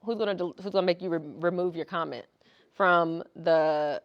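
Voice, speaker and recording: Animated woman giving a casual meetup talk. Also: on the low side, normal speed, muffled recording. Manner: animated, conversational, acts out questions. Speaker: guest speaker. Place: meetup room.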